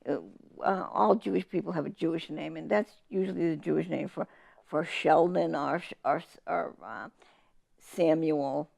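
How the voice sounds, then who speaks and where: A woman's voice: low-pitched, normal speed, gravelly. A woman from Massachusetts, an author telling family stories in a casual interview, acting out the people she quotes. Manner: animated storyteller, quotes family in lively voices. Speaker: author guest.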